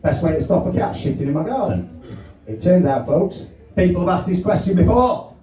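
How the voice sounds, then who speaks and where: Chatty comic, roomy pub. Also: male voice, high voice, expressive, fairly quick, mellow, distant mic. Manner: chatty, swearing, acts out phone calls. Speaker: stand-up comedian. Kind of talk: stand-up comedy set. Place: small pub comedy room. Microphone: handheld mic, filmed from far by tripod camera. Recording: roomy pub room from afar with crowd laughter. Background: crowd laughing.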